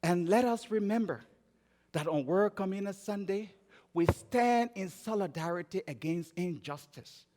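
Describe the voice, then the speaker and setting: A man from Liberia with a Liberian accent, preaching a sermon and telling stories, moving between emphatic raised phrases and quiet low ones. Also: a little slow. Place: church sanctuary. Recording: church sanctuary with long reverb.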